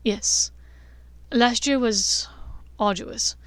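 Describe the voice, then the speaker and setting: A woman voicing a serious young wizard, earnest and measured in a slightly lowered voice. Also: dry recording.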